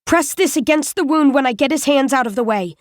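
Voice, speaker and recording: A woman's voice: sits high, fairly quick, dry recording, studio quality, pitched above the performer's own voice, natural voice. A woman voicing a frantic teenage girl who gives urgent orders while tending a wounded boy. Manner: urgent, pleading, commanding.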